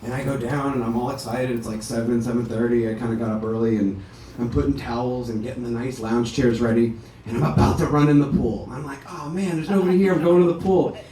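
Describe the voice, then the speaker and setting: Man delivering a eulogy: mellow, animated anecdotes, distant mic in a reverberant ballroom. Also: medium pitch, a little fast, a little hiss or hum. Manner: chatty, animated storytelling. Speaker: son giving a eulogy. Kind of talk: memorial speech with anecdotes. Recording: echoey hall, speaker heard from a distance.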